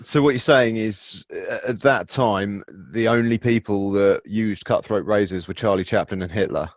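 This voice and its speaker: A man's voice: on the low side, normal speed, dry recording. A man co-hosting a podcast, joking around in casual banter. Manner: jokey, slips into silly put-on voices. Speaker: podcast co-host. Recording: dull dry lo-fi sound.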